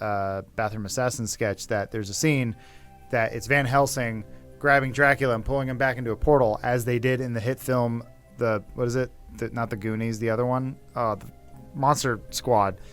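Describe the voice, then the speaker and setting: Man, co-host, dry laid-back humor, mid pitch, faint music bed. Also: steady tone, normal speed, a bit bright. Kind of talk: casual chat.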